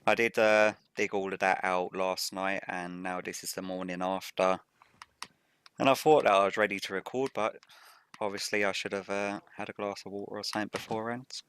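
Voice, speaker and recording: A man with a low, rough morning voice talks through his gameplay as a video game host. His delivery stays level and even, and he explains each step in a methodical, matter-of-fact way. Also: brisk. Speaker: Let's Play host. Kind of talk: gameplay commentary.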